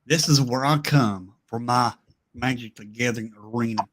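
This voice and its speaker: A man in a relaxed podcast chat, chiming in with short, encouraging remarks. He speaks at an ordinary, mid-range pitch. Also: normal speed, slight background noise. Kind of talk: casual chat.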